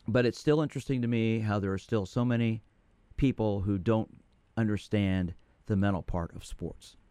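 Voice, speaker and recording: A man's voice: lowish voice, mellow, clean tone, no room sound. A man in his sixties, a sports psychologist hosting a call-in radio show, talking in a direct, conversational way. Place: radio studio.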